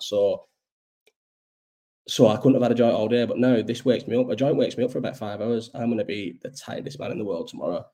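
A man's voice: medium pitch, warm tone. A man hosting a casual livestream chat, rambling and swearing freely, ill and coughing. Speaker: live chat host.

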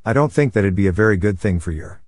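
A domineering middle-aged mother who expects to be obeyed, as a man reads her lines. She issues orders and scheming threats in a low, commanding tone. The sound is dry and close. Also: animated, quick pace, no room sound.

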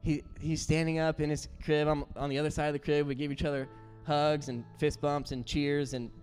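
A man preaching a sermon as pastor, telling stories in an earnest, animated way. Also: fairly high pitch, a little fast. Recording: roomy hall with faint music.

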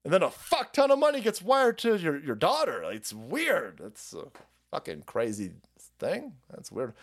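Stream host, male, foul-mouthed and sarcastic; a lively, up-and-down delivery. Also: normal speed. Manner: sarcastic, swears a lot, pitch swings widely. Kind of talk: profane political rant.

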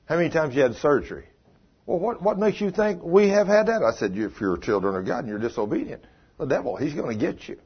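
Folksy preacher man, husky voice. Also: fairly high pitch, fairly quick. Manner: folksy, swings from hushed to loud and excited. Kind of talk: sermon storytelling. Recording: dull muffled sound.

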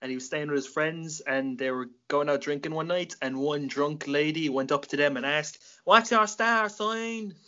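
A man's voice: a little high, level tone, moderate pace, hardly any pauses, a bit bright, dull audio. A young man with an Irish accent hosting a casual interview, rambling and joking, with a lot of swearing. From Ireland. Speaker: podcast host.

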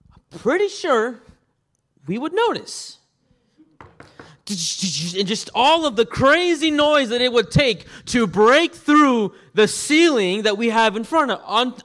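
A man preaching a sermon as pastor, animated and acting out scenes with quick voice changes. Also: extremely high pitch.

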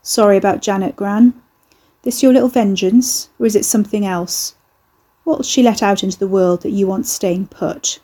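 Woman narrator doing a crude, sardonic young man who works curses, husky and mellow. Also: mid-range voice, normal speed, lightly acted. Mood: mocking. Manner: mocking, offhand and crude.

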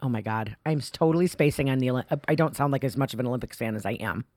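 A woman's voice: rumbling low, rapid-fire, darkish tone, no echo, studio quality. A young woman co-hosting a podcast in casual chat, rambling and laughing often, restarting her sentences mid-thought. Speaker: podcast co-host.

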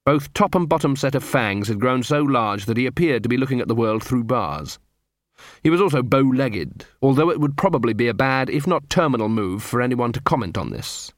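A man's voice: mid-range voice, expressive, a little fast, no echo, clean studio sound. Man reading a comic novel aloud. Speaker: audiobook narrator. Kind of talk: scripted narration.

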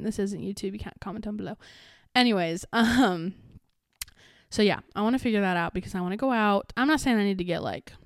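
A woman's voice: medium pitch, no echo, studio quality. A young adult woman hosting her own podcast, talking in a casual, rambling way with many fillers and restarts. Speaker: podcast host. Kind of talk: casual solo podcast chat.

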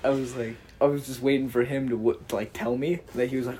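A young man co-hosting a podcast, telling a story in a casual, animated way with lots of swearing and laughter. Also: medium pitch, quick pace. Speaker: podcast co-host.

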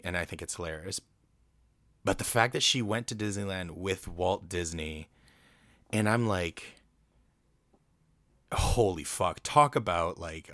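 Man, casual solo film recap, bright sharp tone, loose and rambling. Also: deep voice, dry recording. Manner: rambling, swears casually, acts out quotes. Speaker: film commentator.

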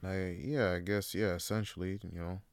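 A man's voice: deep voice, fairly even intonation, normal speed, clean tone. Profane, rambling man on a podcast. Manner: profane, rambling, laughs often. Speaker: podcast host. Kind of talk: casual opinion monologue.

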